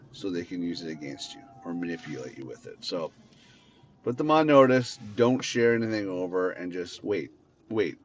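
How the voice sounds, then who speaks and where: A man's voice: deep voice, highs cut off, slight background noise. A man hosting a podcast from his car, talking in a blunt, rambling way and swearing freely. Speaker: podcast host. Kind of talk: casual unscripted monologue.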